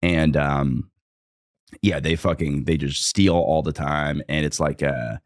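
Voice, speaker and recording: A young man with a low, deep voice tells a rambling, comic story in a casual podcast chat. He swears freely and laughs mid-sentence. The sound is close and dry, with no room in it. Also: steady tone, slow, no room sound. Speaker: storyteller guest.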